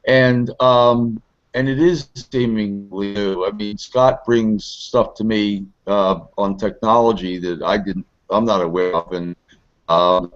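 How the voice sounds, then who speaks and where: A man's voice: lowish voice, fairly even intonation, takes it slowly. A gray-haired older man, a neighborhood activist, speaking hesitantly and thoughtfully in a conversational discussion. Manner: hesitant, thoughtful, many fillers. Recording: slightly muffled lo-fi.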